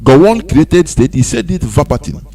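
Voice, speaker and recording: A man's voice: a little high, very animated, normal speed, warm tone. A man with a Nigerian accent hosting a radio show, delivering a preachy monologue full of rhetorical questions that slides into sing-song emphasis. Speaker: radio host. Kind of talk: impassioned monologue. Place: radio studio.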